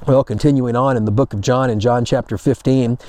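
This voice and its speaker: Man, pastor, sermon, warm mellow voice, dry close sound. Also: medium pitch, fairly even intonation, fairly quick, dry recording. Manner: conversational storytelling, acts out paraphrased quotes.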